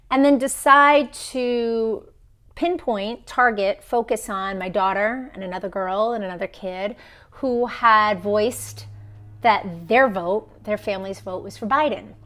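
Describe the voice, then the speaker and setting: A vlogger in her thirties tells a story emphatically on a phone live stream, acting out the people she quotes. Her voice is mid-range with a fairly bright tone.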